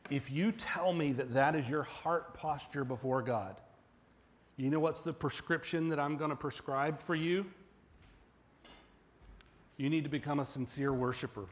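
A man's voice: on the high side, a little slow, pauses often. A man preaching a sermon as pastor, conversational, asking the congregation direct questions and building to emphatic peaks. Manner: emphatic, rising to near-shouting at peaks.

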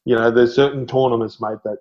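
A man's voice: mid-range voice, fast talker. A middle-aged Australian man tells stories as a podcast guest, his voice rising and speeding up when the tale gets good, with laughs breaking through. The audio is a little dull and muffled, like a simple podcast setup. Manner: animated storyteller, laughs often, says "mate". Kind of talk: storytelling interview.

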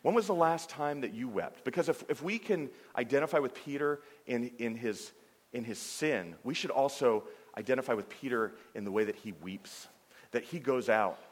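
A man delivers a conversational sermon, animated and prone to false starts and filler. His voice sits at an ordinary middle pitch for a man. The sound rings with a long reverb, as in a large hall. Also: moderate pace. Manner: animated, stumbling restarts and filler "I mean". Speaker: pastor.

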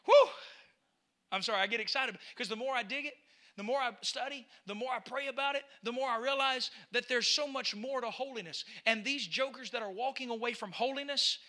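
A male preacher with a very high, strikingly bright voice, delivering a sermon that rises from quiet asides into fervent shouting. He repeats phrases and stumbles over words as his passion builds. His tone is sharp and intense. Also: a little fast. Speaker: pastor. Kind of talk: impassioned preaching.

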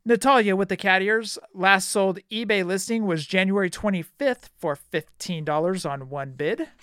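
A man's voice: high-pitched, moderate pace, a bit bright, smooth, no echo, studio quality. A man hosting a casual podcast chat, reading listings in a matter-of-fact way and teasing his co-host.

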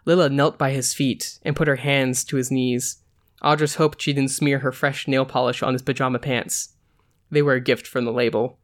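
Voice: medium pitch, steady tone, normal speed. A podcast host who chats hesitantly with many fillers, then reads a story aloud. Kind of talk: casual chat and story reading.

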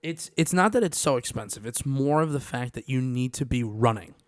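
A young man with a New York accent hosting a podcast in animated, casual chat. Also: mid-range voice, fairly quick, no room sound, studio quality. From Long Island, New York. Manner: animated, chatty, trails off and restarts. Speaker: podcast host.

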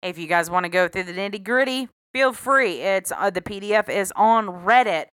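Midwest woman on a podcast, bright voice, dry close mic, cusses a lot and laughs. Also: medium pitch, normal speed, clean tone, no room sound. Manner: swears freely, laughs often. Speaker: podcast co-host. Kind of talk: casual true-crime podcast chat.

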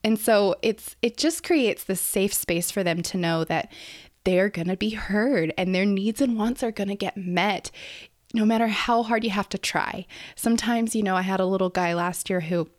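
A woman's voice: mid-range voice, moderate pace, dry recording, studio quality. A young woman hosting a casual educational podcast as a speech therapist, explaining in her early-morning voice with many fillers and restarts.

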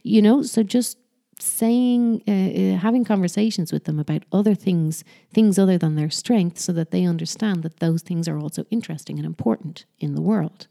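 With a lowish, creaky, dark voice at a moderate pace, a woman chats casually about parenting. She keeps correcting herself mid-sentence and shifts into mocking sing-song tones whenever she quotes someone.

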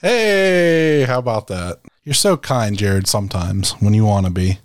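A man's voice: fairly low pitch, expressive, a little slow, no echo, clean studio sound. A man co-hosting a podcast, ribbing his friends in casual chat. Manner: joking, ribbing. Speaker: podcast co-host.

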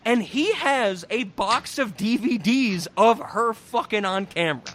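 Animated, swearing young man on a podcast. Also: sits high. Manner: animated, profane, laughing, acts out characters in quick voices. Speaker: podcast host reviewing a movie. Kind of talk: casual comedic chat.

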